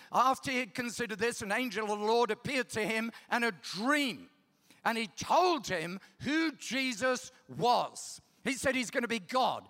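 Emphatic high-voiced male preacher. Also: bright, forceful tone. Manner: emphatic, repeats key words, checks in with the audience. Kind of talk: sermon. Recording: long reverb of a large hall.

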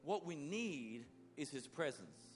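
A male preacher giving a sermon, swinging between loud bursts and soft, low lines as he acts out biblical figures. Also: big pitch swings, slow, soft background music.

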